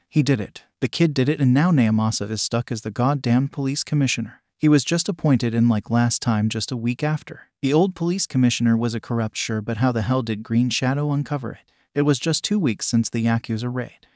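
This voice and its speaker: A male narrator voice reads a story in a steady, flat, machine-like way at a middle pitch. The sound is close and dry, with no room around it. It keeps one even tone from line to line. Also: no room sound. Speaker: fan fiction reader. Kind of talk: scripted narration.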